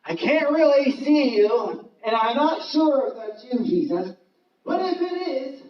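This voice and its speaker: A man acting out an anxious, doubting disciple, pleading in a high, lively voice. The sound is distant and roomy, a bit dull. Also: measured pace.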